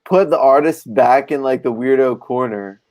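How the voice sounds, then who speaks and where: A man chatting on a podcast as a comic book artist, telling profane, animated stories. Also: medium pitch, moderate pace. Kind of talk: casual podcast chat.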